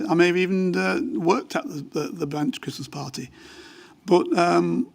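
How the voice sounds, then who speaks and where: A man's voice: high-pitched, unhurried, gravelly. An older man, a former police officer, testifying at a formal hearing in a matter-of-fact way and explaining at length. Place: inquiry hearing room.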